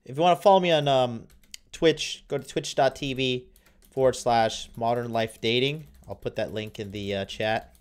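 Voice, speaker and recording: A man's voice: mid-range voice, normal speed, clean tone. Rambling young man hosting a livestream. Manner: rambling, with frequent fillers and restarts. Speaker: livestream host. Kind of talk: casual livestream chat reading viewer comments.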